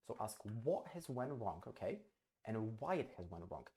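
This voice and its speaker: A man's voice: on the low side, big pitch swings, moderate pace, dark tone. A man hosting a talk on client handling, blunt and emphatic, swearing freely and repeating himself for stress. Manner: acts out client dialogue as he explains. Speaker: host. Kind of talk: direct-to-camera business advice.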